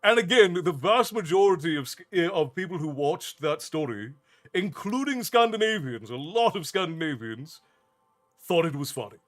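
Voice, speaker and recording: A man's voice: on the high side, animated, moderate pace. A man streaming his storytime show, chatting casually with his viewers in a rambling, self-amused way and laughing often. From United States. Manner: reads and answers viewer chat. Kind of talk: casual live-stream chat.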